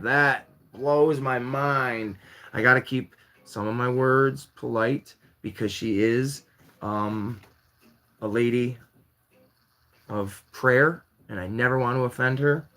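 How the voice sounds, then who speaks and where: A man with a mid-range voice hosts his own live-stream variety show. He rambles and jokes at a loose, chatty pace, with sudden excited jumps in pitch. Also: unhurried. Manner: rambling, jokey, lively swings in pitch while building Lego. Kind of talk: casual live-stream chat.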